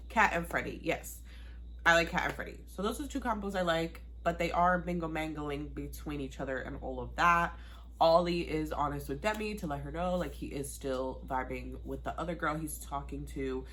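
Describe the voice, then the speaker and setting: A woman with a lowish voice chats through a TV recap in a bubbly, conversational way. She laughs often and keeps turning to her viewers. A faint hiss sits under the recording. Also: a bit bright. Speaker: TV recap vlogger. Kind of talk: casual chatty recap.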